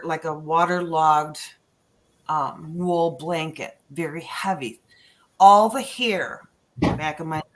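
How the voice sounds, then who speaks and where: A woman guest telling personal stories on a podcast, acting out voices and sounds as she goes. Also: fairly low pitch. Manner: animated storyteller acting out quotes. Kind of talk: storytelling on a paranormal podcast.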